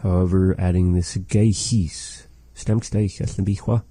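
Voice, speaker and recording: A man teaching a language lesson as host, patiently repeating phrases slowly and explaining them. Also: sits low, steady tone, dark tone, slightly rough, no echo. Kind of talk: slow, careful language lesson.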